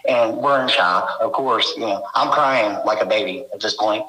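A man's voice: fairly low pitch, moderate pace, sharp tone. Guy telling his story all worked up, rambly, lots of you-knows, echoey room. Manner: rambling, intense, full of "you know". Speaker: guest recounting encounters. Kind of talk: emotional first-person storytelling.

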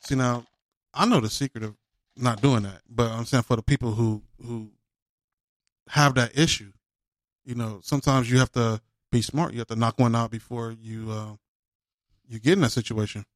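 A man's voice: medium pitch, steady tone, moderate pace, long pauses, dry recording. A man chatting in an easygoing, rambling way, with frequent asides of "man". His voice sits in an ordinary middle range. The sound is close and completely dry. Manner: laid-back, rambling, drops "man" often. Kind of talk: casual chat.

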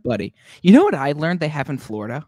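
A man's voice: on the high side, sing-song, fast talker, dark tone, no echo, clean studio sound. A man from Minnesota co-hosting a podcast, chatting casually and teasing his co-host. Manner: joking, teasing. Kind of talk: casual chat.

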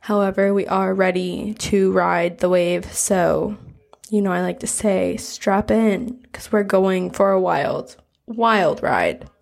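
A woman's voice: mid-range voice, slow, vocal fry. A woman of twenty-three with an American accent, co-hosting a podcast in casual chat from a hotel bathroom. She is chatty and giggly, and she rambles through her stories. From United States. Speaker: podcast co-host. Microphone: portable travel mic.

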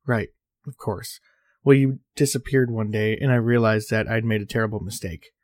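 A remorseful older brother around thirty, read by a man narrating a story, speaking quietly with a lowish voice. He swears now and then, and the sound is dry and close. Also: steady tone, moderate pace, dry recording, natural voice. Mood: regretful. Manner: quiet, apologetic, sometimes swearing.

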